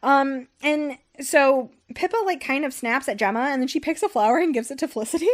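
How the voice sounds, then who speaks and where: A woman's voice: high voice, fairly quick. A young woman hosting a book podcast, recapping the story in a loose, profane, filler-heavy chat. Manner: rambling and profane, with many fillers like "like" and "um". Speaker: podcast host recapping a novel. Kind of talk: casual chat.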